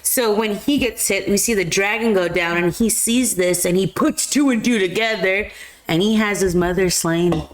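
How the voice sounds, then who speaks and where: A woman's voice: mid-range voice, moderate pace. A woman co-hosting a live movie chat show, talking casually and slangily and laughing a lot. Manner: laughs often, slangy and loose, says "bro". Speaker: podcast co-host.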